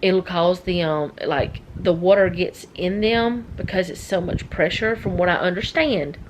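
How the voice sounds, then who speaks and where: A woman's voice: lowish voice, a little slow, background noise. A middle-aged woman chatting casually as a vlogger, rambling and easily sidetracked. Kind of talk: casual chat.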